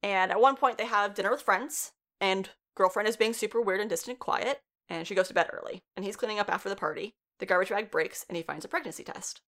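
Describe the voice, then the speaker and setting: A woman's voice: medium pitch, fast, few pauses, fairly bright tone. A woman in her twenties retelling a story in a casual, chatty way, swearing freely and laughing often. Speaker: show reviewer. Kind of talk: casual plot recap.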